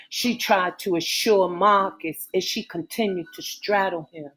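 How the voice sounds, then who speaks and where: Brief: woman audiobook narrator, very slow and measured, faint music underneath. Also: mid-range voice, a bit bright, husky. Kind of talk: reading a romance novel aloud.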